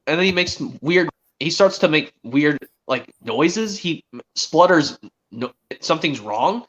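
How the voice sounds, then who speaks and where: Bright-voiced teen boy rambling on stream. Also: fairly high pitch, measured pace, muffled recording. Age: teens. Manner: rambling, restarts often, quotes characters. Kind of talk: casual chat about a cartoon series.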